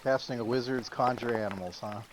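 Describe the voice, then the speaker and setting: A man's voice: medium pitch, brisk, background noise. A man playing a tabletop game, talking casually and thinking aloud. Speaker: player.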